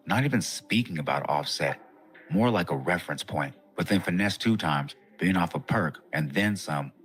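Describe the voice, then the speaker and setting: A middle-aged man delivering scripted commentary in a measured, wry storytelling manner. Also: deep voice, expressive, a bit bright.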